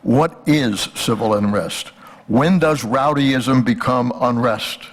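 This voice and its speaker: A man's voice: mid-range voice, takes it slowly. An older man giving a conversational history lecture, asking the audience rhetorical questions.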